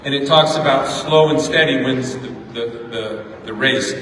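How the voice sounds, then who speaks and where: A man's voice: medium pitch, normal speed, fairly bright tone, slight background noise. A middle-aged man giving a motivational graduation speech, telling a story and repeating words for emphasis. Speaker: graduation speaker. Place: large hall at a ceremony. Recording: echoey hall from far off.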